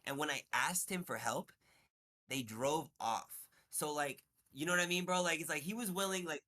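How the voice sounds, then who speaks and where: A man talking as an interview guest in casual chat, halting and restarting, swearing, getting heated. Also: mid-range voice, sharp tone.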